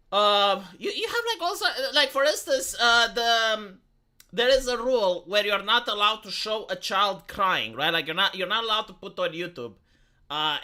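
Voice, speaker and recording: Streamer, young man, Romanian accent, squeaky and bright, stumbling restarts, reads chat mid-ramble. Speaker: live streamer. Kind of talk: casual stream commentary.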